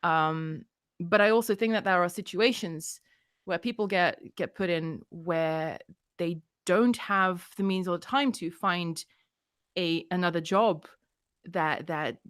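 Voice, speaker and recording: A woman's voice: on the low side, unhurried, a bit bright, smooth. A woman hosting a casual livestream chat, talking hesitantly with lots of fillers and restarts, blunt and a bit tipsy. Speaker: host.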